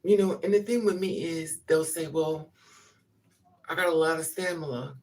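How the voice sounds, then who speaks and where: A woman's voice: sits low, normal speed, darkish tone, far from the mic. An older woman hosting a casual livestream, talking frankly, laughing often and greeting viewers by name. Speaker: livestream host.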